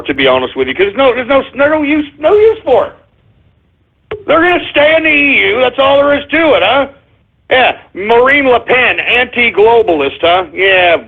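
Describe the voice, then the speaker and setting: Sarcastic and profane, a combative male talk radio host launches into a political rant. He speaks with a fairly high voice for a man, and the sound is thin and narrow, like a telephone line.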